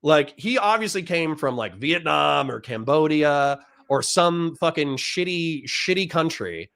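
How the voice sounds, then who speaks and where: Male Marine veteran with a fairly high voice, casual and profane, rambles through stories with frequent laughs. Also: animated, unhurried, creaky, fairly bright tone. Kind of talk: casual storytelling.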